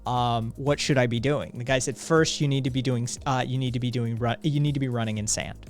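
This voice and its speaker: A man's voice: medium pitch, fairly even intonation, brisk, soft background music. Rambling man telling a story. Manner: rambling, acts out quotes, frequent fillers. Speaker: podcast co-host. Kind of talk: casual storytelling on a livestream.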